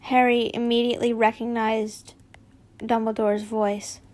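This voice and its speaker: A woman reads fanfiction aloud at an unhurried pace in a fairly high voice. She stumbles, corrects herself and drops chatty asides along the way. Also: fairly even intonation. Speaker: fanfiction reader.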